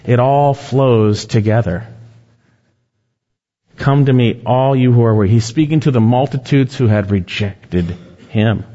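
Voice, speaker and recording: A man of middle pitch delivers an emphatic sermon, swelling on scripture and sinking to near silence at phrase ends. The recording is dull and lo-fi, with a long reverb trailing after each line as in a large church hall. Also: measured pace, dark tone. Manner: emphatic preaching, swelling and dropping in pitch and volume. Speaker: pastor.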